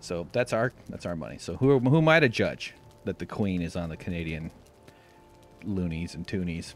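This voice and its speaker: A man from the United States hosting a live stream, talking in a rambling, sarcastic way with deadpan jokes. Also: sits low, moderate pace, faint music behind. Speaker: livestream host. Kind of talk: casual live-stream chat.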